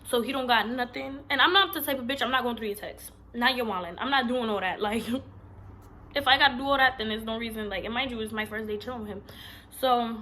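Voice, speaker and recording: A young woman, telling a personal story to her vlog audience in a loud, slangy, animated way. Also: a little high, brisk, a little hiss or hum. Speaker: vlogger.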